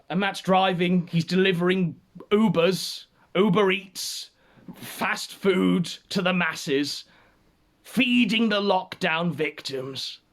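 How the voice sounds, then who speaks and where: A man hosting a livestream, giving sardonic, theatrical commentary. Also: high voice. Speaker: show host.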